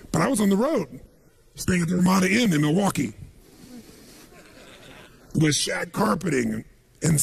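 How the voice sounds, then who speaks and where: A man addresses a live audience in a motivational seminar, emphatic and driving, pausing to throw questions at the crowd. His voice sits high for a man, and a gravelly fry runs through it. The tone is husky and raspy rather than clean. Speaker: motivational speaker.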